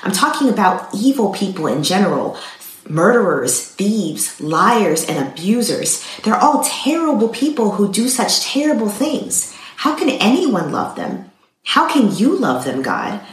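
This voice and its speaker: Earnest churchgoing man, pleading and emphatic, read by a woman, lively pitch. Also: a little slow. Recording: roomy echo.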